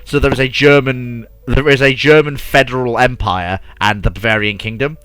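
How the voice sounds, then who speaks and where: A man's voice: medium pitch, fairly even intonation, normal speed, a bit bright, clear, resonant tone, no room sound. A man hosting a casual chat about alternate history, eager and restarting his sentences, full of fillers. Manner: eager, talks over himself, many fillers like "like". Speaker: podcast host.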